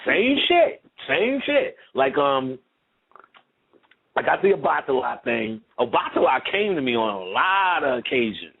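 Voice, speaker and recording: A man's voice: mid-range voice, very animated, a little slow, vocal fry, husky. A man lecturing in casual conversation, telling a rambling, profane story full of asides. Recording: tinny phone-like line.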